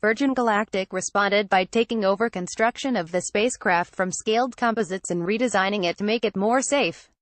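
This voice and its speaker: A woman reading a news feature in a measured, scripted narration, reading quoted lines in the same even voice. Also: mid-range voice, no room sound. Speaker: news reader.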